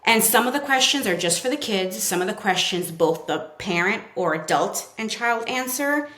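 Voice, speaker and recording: She's a podcast guest from Brooklyn, a child therapist with a New York accent, talking casually and acting out children's words amid lots of fillers. Her mid-range voice is animated and a bit bright, at normal speed. There's a roomy echo in the recording.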